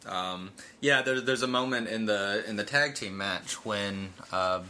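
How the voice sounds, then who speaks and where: Bright-voiced man chatting casually. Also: on the low side, measured pace, a little hiss or hum. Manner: chatty, lots of fillers, laughs easily. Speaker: podcast co-host. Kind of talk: casual chat.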